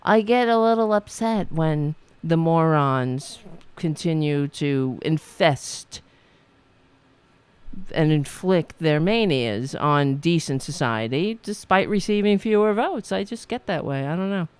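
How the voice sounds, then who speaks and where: A woman's voice: deep voice, expressive, takes it slowly, clean tone, dry recording. A woman host ranting about politics, sarcastic and profane, mocking commenters. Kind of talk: angry political rant.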